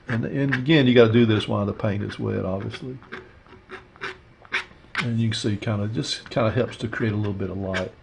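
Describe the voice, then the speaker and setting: Male art instructor, gravelly and low-pitched, easygoing think-aloud demo delivery. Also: a little fast, very noisy. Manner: relaxed, rambling, thinks aloud with fillers. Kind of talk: casual painting demonstration.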